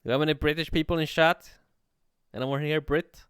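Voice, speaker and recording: A man teaching coding on a livestream in a relaxed way, thinking aloud and swearing casually. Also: on the high side, brisk, clean tone, no room sound, clean studio sound. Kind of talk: casual live coding tutorial.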